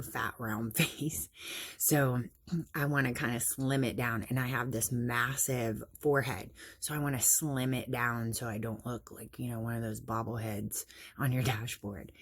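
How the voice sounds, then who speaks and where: A woman's voice: rumbling low, breathy edge. A woman chatting casually through a makeup tutorial, explaining each step and laughing at herself now and then. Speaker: makeup vlogger.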